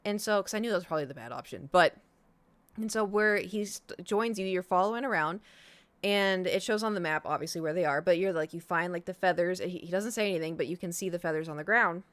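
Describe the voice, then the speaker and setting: A woman streamer chatting casually, rambling quickly with lots of fillers. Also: fairly low pitch, a bit bright, dry recording. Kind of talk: casual chat.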